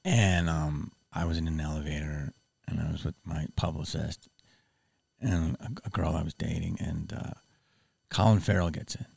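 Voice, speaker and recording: A man's voice: rumbling low, normal speed, vocal fry, slightly rough, dry recording. A man hosting a podcast in casual chat, telling stories with lots of laughter. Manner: animated storyteller, laughs often. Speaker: podcast host.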